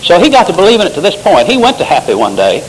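A preacher delivers a sermon, his voice a bit high and very lively, leaping up in emphatic bursts as he quotes scripture. A faint hiss sits under the recording. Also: fast talker, rough recording.

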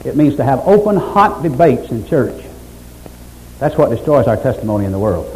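A man preaching a sermon as pastor, building from steady teaching to fervent exhortation. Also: medium pitch, normal speed, a little hiss or hum, poor audio.

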